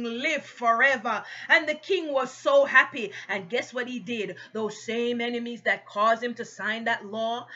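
A woman's voice: fairly high pitch, pushed and bright, muffled recording. A woman preaching a passionate sermon, exhorting her listeners with rising emphatic peaks.

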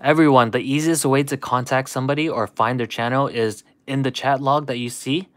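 A man's voice: medium pitch, fairly even intonation, brisk, dry recording. Man rambling in nostalgic livestream chat. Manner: nostalgic, rambling, says dude a lot. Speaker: livestream host. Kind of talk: casual chat with live viewers.

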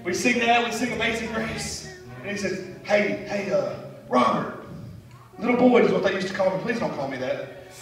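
A male evangelist preaching fervently, swinging from shouted praise to quiet storytelling with laughing asides. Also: high voice, sing-song, a little fast, soft background music. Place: church sanctuary. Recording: echoey church hall, mic at a distance.

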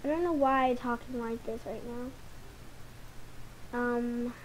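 A woman's voice: on the high side, a little slow, a little hiss or hum, low-quality recording. A young woman casually rambling to her viewers while sorting through game items. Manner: rambling, chatty, talks to viewers. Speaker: gaming channel host. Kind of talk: casual commentary over gameplay.

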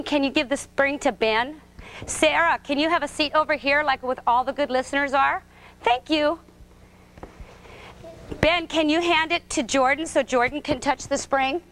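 A woman with a high voice leads a preschool gymnastics class indoors. She gives short, sing-song, encouraging directions. Faint background noise sits behind her. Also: a bit bright. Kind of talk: coaching young children in class. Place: indoor gym.

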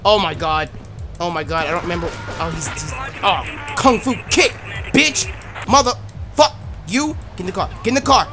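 A gaming streamer giving casual, profane let's-play commentary, yelling in frustration and muttering to themselves between outbursts. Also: mid-range voice, normal speed. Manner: profane, yells in frustration then mutters to self. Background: game music.

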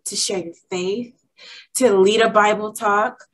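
A woman's voice: medium pitch, steady tone, unhurried, fairly bright tone, rough recording. A young woman speaking at a women's workshop, sharing an emotional personal testimony in a heartfelt, candid way.

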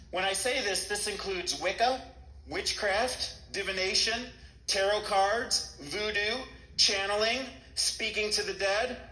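Bright-voiced preaching man, roomy echo. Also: high voice. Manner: earnest, numbered points, repeats key phrases. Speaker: pastor. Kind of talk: sermon teaching.

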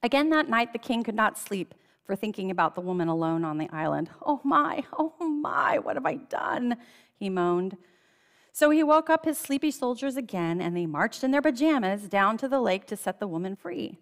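A woman's voice: mid-range voice, big pitch swings, brisk, long reverb tail. A woman reading a children's storybook aloud in a church, telling it expressively and lingering on key phrases. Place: church sanctuary.

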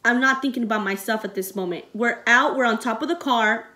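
A young woman talks straight to her audience in a rambling storytime vlog, full of fillers. Her voice sits a bit high, and she sounds close to tears as she recounts events. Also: brisk, pushed and bright. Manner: rambling and emotional, many fillers. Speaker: vlogger.

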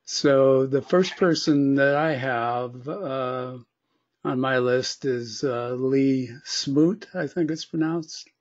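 Slow, hesitant male interviewer. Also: mid-range voice, no room sound. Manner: slow and hesitant while reading from a list. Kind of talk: casual interview questions. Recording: dull, dry, lo-fi sound.

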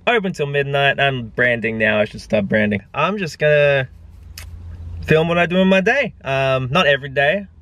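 An Australian man chatting to a handheld camera from his car, his pitch bouncing around animatedly. He rambles and jokes at himself in a loose, casual vlog manner. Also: animated, normal speed, fairly bright tone, no room sound. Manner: rambling, joking, self-mocking. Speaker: personal trainer vlogging his day.

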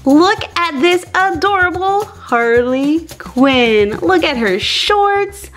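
A woman's voice: very high voice, animated, slow. A woman hosting a toy channel, narrating pretend doll play in a playful, gushing way.

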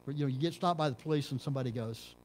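A middle-aged man from Texas, a pastor preaching a sermon in a church, dropping to low murmurs and rising to loud emphatic peaks. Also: rapid-fire, slight background noise. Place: church sanctuary.

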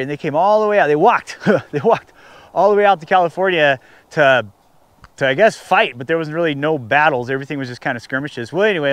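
Filming on an action camera at a snowy outdoor camp spot, a man rambles through a casual vlog, talking to his dog and joking with viewers. His voice is fairly high, smooth, and fairly bright, with no room sound.

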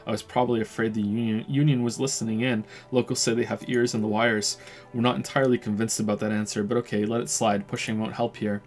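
A man with a fairly low voice reads a video game's dialogue and narration aloud during a stream, dropping in dry, wry comments of his own. Faint music plays underneath. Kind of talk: casual game playthrough narration.

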